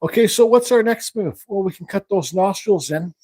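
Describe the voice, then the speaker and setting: A high-pitched, slightly rough male voice with a darkish tone speaks animatedly at a moderate pace, with no echo. He's hosting a woodcarving livestream, rambling casually while working, thinking aloud, and reading viewer questions aloud to answer them.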